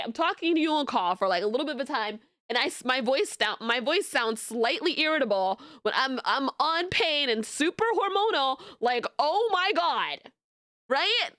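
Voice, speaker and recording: A young woman streamer chatting casually with her viewers, telling stories in animated, laughing rants. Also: sits high, no room sound, clean studio sound. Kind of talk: casual live-stream chat.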